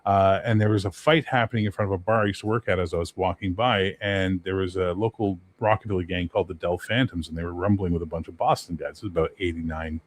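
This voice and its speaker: A Canadian man in his fifties, a game master chatting as a podcast guest, swearing freely and telling animated stories. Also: deep voice, fast, few pauses. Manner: profane, animated storyteller. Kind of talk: casual chat.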